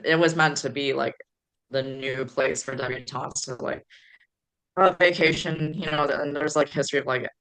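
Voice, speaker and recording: A woman's voice: extremely low pitch, steady tone, normal speed, fairly bright tone. A woman from the Chicago area, a podcast guest, rambling through stories with many fillers. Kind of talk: casual podcast chat.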